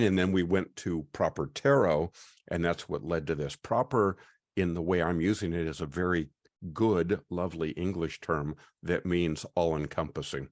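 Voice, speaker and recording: Deep-voiced man hosting an online class. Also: dry recording, studio quality. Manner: chatty, welcoming, often pauses with "uh". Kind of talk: hosting a video call class. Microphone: video call.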